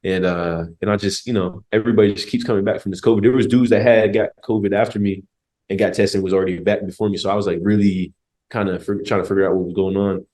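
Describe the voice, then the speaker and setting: Young man, very low voice, quick delivery, casual storytelling, slangy, jokey, swears freely. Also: fairly even intonation, darkish tone. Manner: laid-back, joking, slangy, swears freely. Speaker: podcast guest, former college football player.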